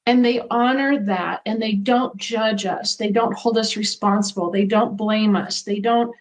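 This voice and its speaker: A woman's voice: mid-range voice, fairly even intonation, measured pace, rough recording. A middle-aged woman being interviewed as a guest, talking in an earnest, reflective way about what she has lived through. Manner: earnest, reflective, speaks from personal experience. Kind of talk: conversational interview.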